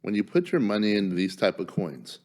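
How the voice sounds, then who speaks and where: A man co-hosting a podcast in casual chat, giving measured advice with steady emphasis. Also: lowish voice. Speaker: podcast co-host.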